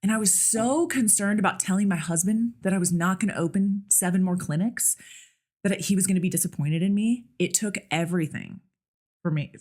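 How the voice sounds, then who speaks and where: A woman's voice: mid-range voice, brisk, a little mellow. A woman guesting on a podcast, talking candidly and casually, with lots of fillers. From United States. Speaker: podcast guest, nurse practitioner and clinic owner. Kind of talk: casual interview chat.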